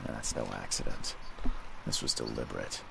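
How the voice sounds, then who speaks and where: Super deep gravelly game detective, terse and grim, noisy distant audio. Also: male voice, fairly even intonation, normal speed, heavily acted. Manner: terse, matter-of-fact deductions. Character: grim male investigator examining a body.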